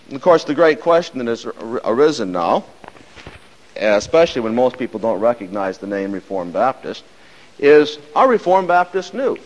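A man giving a measured, emphatic lecture on church history, dropping his voice at the ends of phrases. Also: medium pitch, sing-song, big-room sound, lo-fi sound.

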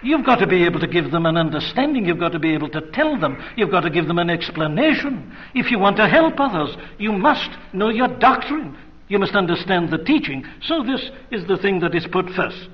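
A man's voice: sits high, very animated, fairly quick. A man preaching a sermon in a church, earnest and emphatic, pressing his hearers with rhetorical questions. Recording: dull lo-fi archive recording.

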